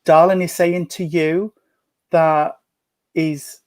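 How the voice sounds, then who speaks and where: A man giving a gentle, chatty mediumship reading at home over a video call, full of endearments. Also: on the high side, flat delivery, slow pace, no echo. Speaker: spiritualist medium. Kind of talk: mediumship reading in an online service. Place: at home at a breakfast table.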